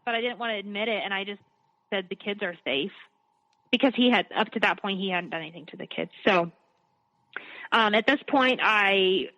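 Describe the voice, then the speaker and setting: Woman, interview guest, bright tense voice, candid earnest storytelling, dull lo-fi recording. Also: mid-range voice. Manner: earnest, conversational, frequent restarts. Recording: dull lo-fi sound.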